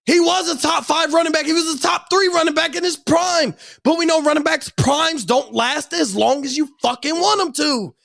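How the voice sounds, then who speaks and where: A young man rants about sports in a heated, profane way, hammering his points. His voice sits very high and crackles with gravelly fry. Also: normal speed, hardly any pauses, a bit bright. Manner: angry, profane, emphatic ranting. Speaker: sports commentator.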